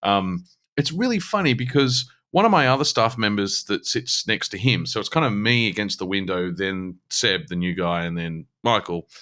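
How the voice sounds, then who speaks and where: A man's voice: fairly low pitch, normal speed, pushed and bright. A man, co-hosting a podcast, who tells a rambling story and laughs often. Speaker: podcast co-host. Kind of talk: casual chat.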